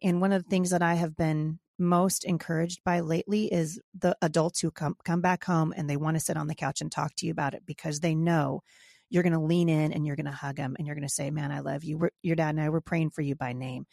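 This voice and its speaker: A woman's voice: sits low, fairly even intonation, a little fast, creaky, darkish tone, dry recording, clean studio sound. A middle-aged woman co-hosting a casual talk about parenting. She tells reflective stories from her family life. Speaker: podcast co-host.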